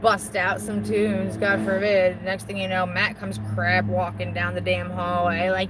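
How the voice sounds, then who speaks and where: A woman's voice: lowish voice, completely flat delivery, unhurried, few pauses, fairly bright tone, a little hiss or hum, poor audio. A middle-aged woman vlogger reading viewer comments in a casual, rambling chat. She mocks herself, swears freely and laughs often. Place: outdoors on a porch while smoking.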